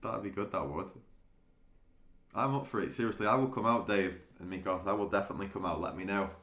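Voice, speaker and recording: Chatty low-voiced man, echoey room. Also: quick pace, a bit bright. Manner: chatty, laughs often, restarts sentences. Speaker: day trading streamer. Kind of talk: casual live-stream chat with viewers.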